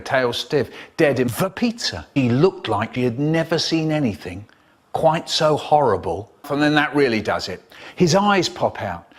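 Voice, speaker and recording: Lively, animated male storyteller. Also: a little high. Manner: expressive storyteller, swings between whispers and exclamations. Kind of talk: animated storytelling, spliced into a comedy edit.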